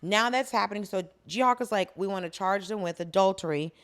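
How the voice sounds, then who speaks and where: A woman's voice: medium pitch, fairly quick. A woman co-hosting a podcast, wisecracking bluntly with slang and swearing as she recaps a drama episode. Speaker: podcast co-host. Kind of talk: casual chat recapping a drama.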